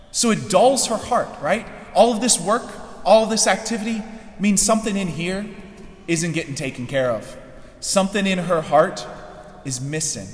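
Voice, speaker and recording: A man's voice: fairly high pitch, fairly bright tone. Conversational male preacher in an echoey hall. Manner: conversational, keeps asking "right?". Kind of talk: sermon. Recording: echoey hall with long reverb.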